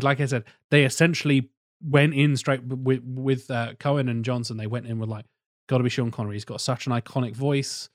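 A man's voice: medium pitch, no room sound, studio quality. A man hosting a casual film podcast, swearing freely and quizzing his co-hosts. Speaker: podcast host.

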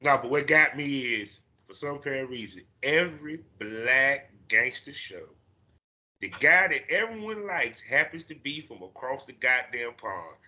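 A man hosting a podcast in casual chat, animated and profane, acting out his own reactions. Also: mid-range voice, measured pace, highs cut off. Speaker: podcast host.

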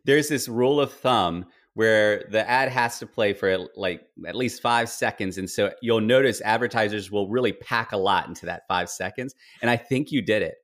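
A man's voice: lowish voice, normal speed, hardly any pauses, fairly bright tone. A man from the United States hosting a podcast, chatty and playful with his guest. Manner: playful, chatty, laughs easily. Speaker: podcast host. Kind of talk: casual podcast interview.

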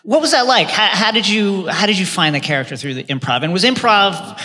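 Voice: medium pitch, animated, a little fast, sharp tone. A podcast co-host asking casual, curious questions during a live stage interview. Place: stage at a convention hall. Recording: live hall reverb.

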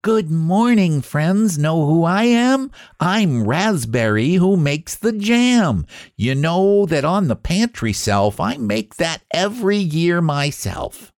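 A man voicing a cheerful, proud raspberry in a storybook rhyme, greeting friends. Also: fairly high pitch, big pitch swings, slow, no room sound, clean studio sound, pitched above the performer's own voice. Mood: cheery. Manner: jolly, boastful. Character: cheerful proud raspberry who makes jam.

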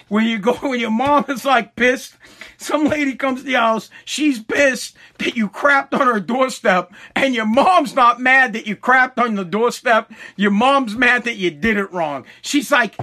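A man's voice: extremely high pitch, lively intonation, a little slow, pushed and bright. A man hosting a casual podcast, rambling, swearing and laughing often. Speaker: podcast host. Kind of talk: casual storytelling chat.

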